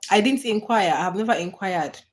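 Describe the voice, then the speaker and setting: A woman with a mid-range voice, speaking a little fast, hosts a casual livestream. She answers viewers' comments, laughing often and repeating or restarting her phrases.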